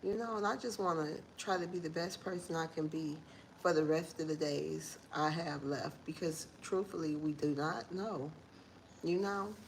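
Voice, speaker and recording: A woman in her forties talks to her viewers from home in a casual morning vlog. Her voice is gravelly with fry and sits on the low side, her manner earnest and a bit preachy. Faint room noise hums behind her. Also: fairly even intonation, normal speed, low-quality recording. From Detroit, USA. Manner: heartfelt, preachy, talks straight to viewers as y'all. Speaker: vlogger.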